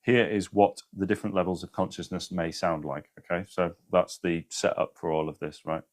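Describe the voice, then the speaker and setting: A man's voice: sits low, fairly even intonation, moderate pace. A man hosting a casual spiritual livestream, talking earnestly, swearing freely and reading passages aloud with emphasis. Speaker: spiritual live-stream host.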